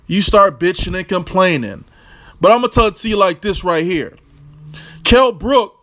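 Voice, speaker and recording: A man's voice: high voice, a bit bright. A man hosting an opinionated, profane boxing vlog rant, brash and combative. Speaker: boxing commentator, channel host.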